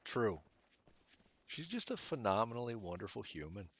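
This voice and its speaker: A man streaming a game, chatting casually and rambling as he thinks out loud. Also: on the low side, sing-song, normal speed. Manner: mutters at the game.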